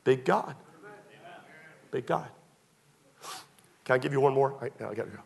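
Gravelly, animated preacher man. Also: medium pitch, moderate pace. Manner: animated storytelling, swings from loud to hushed. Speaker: pastor. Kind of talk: sermon with personal stories.

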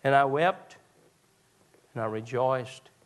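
A male pastor, preaching a sermon that moves from quiet storytelling to raised, fervent preaching. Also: mid-range voice, takes it slowly.

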